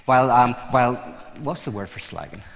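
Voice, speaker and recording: A man in an interview spins anecdotes with lively energy, stumbling and restarting as he goes. His voice sits at an ordinary middle pitch. A long hall reverb trails after every phrase. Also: brisk, gravelly. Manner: animated, many restarts, laughs at own points. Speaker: interview guest. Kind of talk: conversational storytelling.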